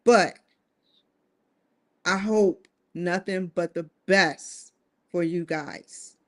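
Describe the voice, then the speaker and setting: Slow, musing woman vlogger. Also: on the low side. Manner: musing, addresses viewers directly with rhetorical questions. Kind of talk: casual talking-to-camera monologue.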